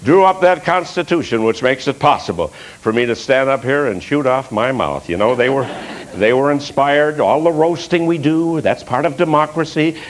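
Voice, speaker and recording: A man doing live political satire on stage. He speaks wryly, halting and restarting his sentences, with piano music behind him. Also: on the high side, a little hiss or hum, low-quality recording. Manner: wry, halting delivery with restarts. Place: stage before a live audience.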